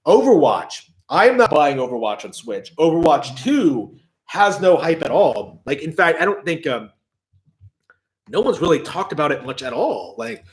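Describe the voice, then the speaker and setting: Man, somewhat high voice, lively pitch, rambling gaming commentary, hedging, swearing. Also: moderate pace. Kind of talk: casual commentary stream. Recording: echoey room.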